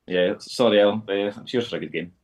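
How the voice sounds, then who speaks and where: A man, a quiz contestant, chatting in a relaxed, laid-back way on a video call. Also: fairly low pitch, a little fast, vocal fry. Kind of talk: casual chat on a call.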